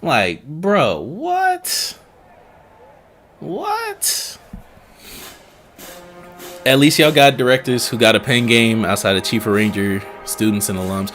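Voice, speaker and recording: A man's voice: fairly low pitch, steady tone, moderate pace, hardly any pauses, fairly bright tone. A man hosting a live stream and reacting to marching band videos in casual, rambling talk, often repeating himself while he searches for names. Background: band music playing.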